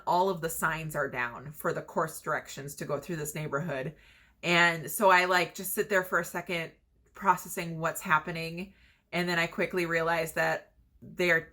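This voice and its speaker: A woman's voice: on the low side, sharp tone. A young woman casually telling a personal story, chatty and laughing often between fillers. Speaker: vlogger telling her story.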